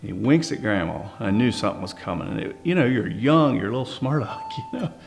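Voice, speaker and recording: A man telling a story about his grandfather in a relaxed, conversational way, with small restarts. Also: medium pitch, quick pace, creaky, faint music behind. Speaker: grandson sharing a family memory. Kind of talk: interview storytelling.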